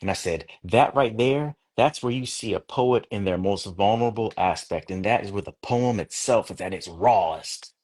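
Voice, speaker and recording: A man with a low voice talks as a guest poet in a relaxed interview. He thinks aloud, restarting phrases as he explains his craft. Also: normal speed, few pauses, husky. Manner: reflective, many restarts, conversational. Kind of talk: casual interview talk.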